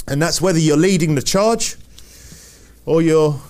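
A man's voice: fairly high pitch, unhurried, a little mellow. A man preaching a sermon, repeating phrases with emphasis and asking the congregation rhetorical questions.

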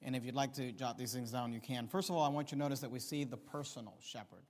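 A man's voice: mid-range voice, fast, darkish tone. A man preaching a sermon, emphatic, repeating key phrases and rising in volume to stress points. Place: church sanctuary. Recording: long reverb of a hall.

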